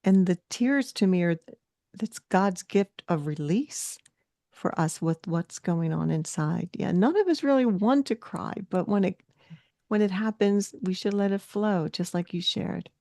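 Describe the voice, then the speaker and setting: A woman's voice: medium pitch, expressive, a little slow, mellow, no room sound, studio quality. A woman hosting a podcast interview, affirming and encouraging her guest. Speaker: podcast host. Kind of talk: podcast interview, casual conversation.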